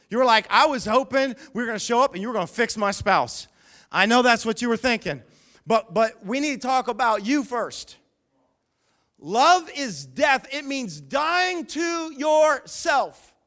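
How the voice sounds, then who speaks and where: A man preaching as pastor, playful and punchy, slowing down for emphatic repeated lines. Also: very high-pitched, sharp tone. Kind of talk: sermon.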